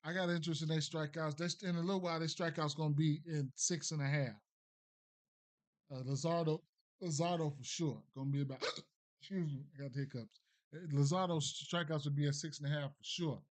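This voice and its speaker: A man's voice: fairly high pitch, steady tone, a little fast. A man streaming sports betting picks, thinking aloud in a casual, mumbling way with many fillers and restarts. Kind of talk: casual live-stream commentary.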